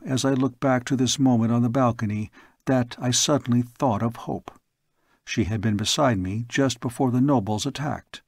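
Male audiobook narrator, slow measured delivery, dry close sound. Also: medium pitch, creaky, darkish tone, dry recording. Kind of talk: storybook reading.

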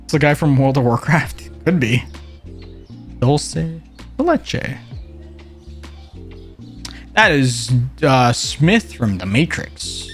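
A playful man commentating his own gameplay on stream. His pitch swings widely, leaping high when he gets excited, yet he talks at an unhurried, drawn-out pace. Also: faint music behind. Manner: playful, jokey, bursts into excited high exclamations.

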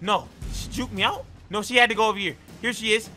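A high-pitched man with a bright, lively voice calls out a role-play game in excited slang. He keeps jumping up into shouts. Game music plays faintly behind him. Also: quick pace. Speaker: gaming YouTuber.

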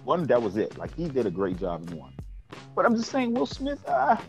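Casual, opinionated New man, animated delivery. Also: medium pitch, brisk, gravelly, soft background music. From New York. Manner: blunt, opinionated, animated ranting. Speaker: podcast co-host. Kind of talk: casual chat.

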